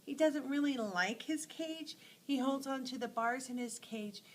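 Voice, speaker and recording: A woman teacher telling short animal stories to teach letter sounds, acting out each sound with lively expression. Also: sits high, a little slow, slight background noise, rough recording. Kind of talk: phonics lesson storytelling.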